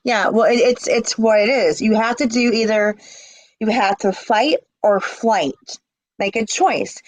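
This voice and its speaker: Woman host reading chat questions, calm, dry close sound. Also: fairly high pitch, a little slow, no room sound. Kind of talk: live-stream interview.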